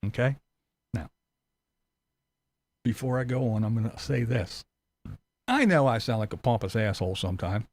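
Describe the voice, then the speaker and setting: A man's voice: mid-range voice, animated, moderate pace, gravelly, long pauses, darkish tone. A middle-aged man hosting a commentary channel, talking in a blunt, profane, mocking rant and acting out silly voices. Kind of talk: ranting commentary vlog.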